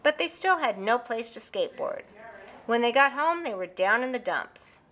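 A woman narrating a children's storybook with a lively, expressive reading. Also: a little high, moderate pace.

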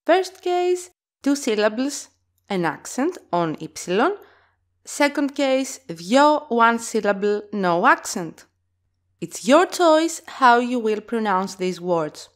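A woman teaching a language lesson, explaining slowly and carefully, with example words sounded out clearly. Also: fairly high pitch, sing-song.

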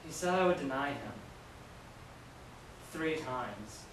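A man's voice: mid-range voice, expressive, slow pace. A man playing a remorseful apostle who denied his friend, speaking with anguished self-questioning in a stage play monologue. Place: school hall. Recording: distant echoey hall with hiss.

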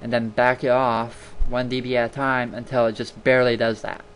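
A man's voice: medium pitch, level tone, moderate pace, fairly bright tone, slight background noise. A man hosting a casual screen-recording tutorial, chatty and rambling, repeating words for emphasis, talking into a desktop mic at his home computer. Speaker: video tutorial host.

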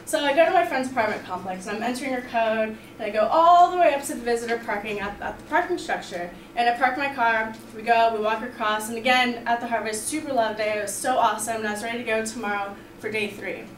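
Young woman, kinda high voice, chatty upbeat storytelling, lots of like and you know, echoey room, mic far off. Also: fast talker, few pauses, a little hiss or hum. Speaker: student storyteller. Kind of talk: personal story told to a class.

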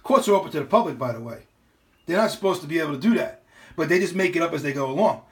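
Middle-aged New man ranting to camera, blunt and profane, voice sitting a touch high. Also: animated, rapid-fire. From New York. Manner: blunt, profane, repeats and restarts. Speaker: vlogger. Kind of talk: casual ranting monologue.

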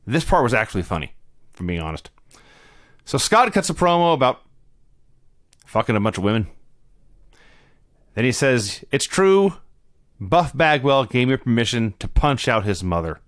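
A man's voice: medium pitch, a bit bright, no echo, studio quality. A man co-hosting a casual chat, laughing often and explaining what happened. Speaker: podcast co-host. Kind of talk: casual chat recapping wrestling.

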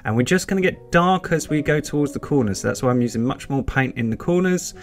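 A man's voice: mid-range voice, expressive, fast talker. A British man giving a step-by-step painting tutorial, chatty and encouraging, with reassurances he repeats often.

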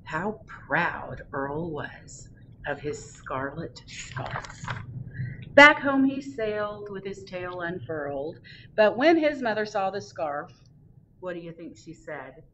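Slow, expressive woman reading a storybook. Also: lowish voice, far from the mic, slight background noise, rough recording. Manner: expressive, drawn out. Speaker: children's librarian. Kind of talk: reading a picture book aloud.

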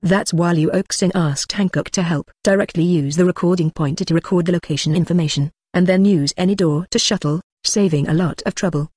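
A flat, machine-made voice reads a novel aloud at a steady, middling pitch, even speaking punctuation marks as words. The sound is close and dry, with no room around it. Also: fairly quick, few pauses, dry recording. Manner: flat synthetic reading that speaks punctuation and stray numbers aloud. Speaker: audiobook narrator. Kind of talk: scripted novel narration.

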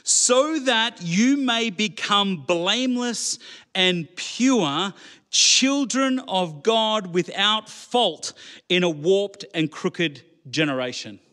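A man's voice: high voice, expressive, slow pace, sharp tone, smooth. A man preaching a sermon in church, conversational and full of rhetorical questions to the congregation. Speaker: pastor.

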